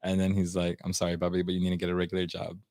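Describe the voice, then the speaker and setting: A man's voice: low-pitched, completely flat delivery, racing, darkish tone, dry recording, clean studio sound. A man in his twenties telling a long story in casual podcast chat, slangy and mixing in Spanish phrases. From United States, Salvadoran family. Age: 20s. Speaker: podcast guest.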